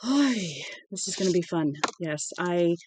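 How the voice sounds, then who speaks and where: An amateur audiobook reader giving a casual read-aloud with chatty asides, stumbling on words and correcting them out loud. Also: medium pitch, normal speed, slight background noise. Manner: conversational and unpolished.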